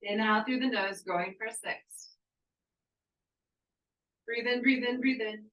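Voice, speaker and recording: A woman yoga instructor guiding a breathwork class with calm, encouraging cues and slow counting. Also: fairly high pitch, roomy sound, far from the mic, muffled recording. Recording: voice from off the mic.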